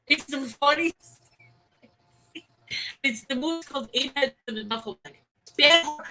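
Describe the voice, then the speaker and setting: Bright-voiced chatty woman on a call. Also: fairly high pitch, a little slow, soft background music, rough recording. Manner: chatty, storytelling, laughs easily. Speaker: co-host. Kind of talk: casual chat. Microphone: video call.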